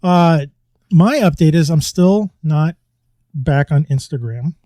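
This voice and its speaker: A man's voice: a little high, slow, warm tone, no echo, clean studio sound. A middle-aged man co-hosting a podcast in casual chat, rambling and chatty and often laughing as he talks. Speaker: podcast co-host. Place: home, New York.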